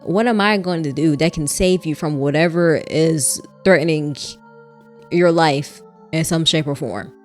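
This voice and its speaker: A woman voicing a young heroine in a visual novel, asking high, loud, flustered questions. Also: very animated, slow pace, soft background music. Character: young woman, frantic and exasperated protagonist.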